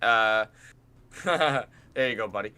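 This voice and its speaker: A man co-hosting a podcast, telling animated stories in casual chat, swearing and laughing often. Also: lowish voice, slow pace, clean tone. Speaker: podcast co-host and streamer.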